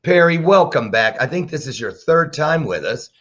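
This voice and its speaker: A man's voice: fairly high pitch, big pitch swings, normal speed, fairly bright tone, slight background noise. A man hosting a talk show, bantering playfully with a preacher-like flair over a video call. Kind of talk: casual interview chat. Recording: dull lo-fi sound.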